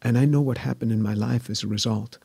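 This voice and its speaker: A man in his sixties tells his story earnestly, often repeating himself and dropping to a hushed voice. His voice is gravelly and husky, a little higher than most men's. It is recorded close and dry. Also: fairly even intonation, fast talker, dry recording. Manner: earnest, repeats phrases, soft and hushed when moved. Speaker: guest, scientist. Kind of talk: earnest personal testimony in conversation.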